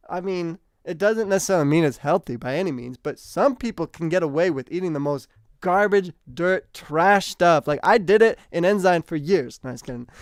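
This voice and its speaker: A man hosting a casual livestream chat, lively and talkative, reading and answering viewers' comments. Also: a little high, clean tone, no echo, studio quality. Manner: chatty, animated, reads out and answers comments. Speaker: streamer host.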